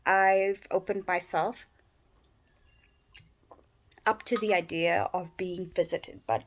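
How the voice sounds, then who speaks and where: A tired, sleep-deprived woman rambling in a personal vlog from her bedroom, yawning and halting with many restarts. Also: on the low side, steady tone. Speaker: vlogger.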